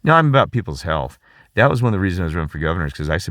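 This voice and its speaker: A man's voice: low-pitched, expressive, very fast, fairly bright tone, no echo, studio quality. A middle-aged man talking in a rambling, emphatic monologue, asking listeners questions and restarting his sentences. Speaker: channel host.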